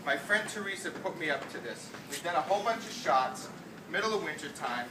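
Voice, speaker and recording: A brash, self-mocking middle-aged comedian with a New England accent tells stories, his voice sitting a little high. He is picked up from far off by a camera in a roomy ship lounge, with a steady wash of noise over the sound. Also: brisk. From United States. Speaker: stand-up comedian. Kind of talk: stand-up storytelling. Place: ship lounge at a meet-and-greet. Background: audience laughter.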